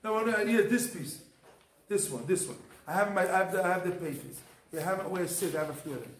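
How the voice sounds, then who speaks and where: High-voiced rabbi teaching in an echoey room. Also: male voice, animated, fast. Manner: emphatic, repetitive, non-native English with Hebrew terms. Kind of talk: Torah class.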